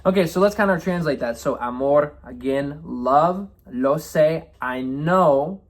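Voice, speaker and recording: Casual teacher explaining song lyrics. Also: male voice, on the high side, measured pace. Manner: relaxed, repeats "right?" and "okay?" often. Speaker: Spanish teacher.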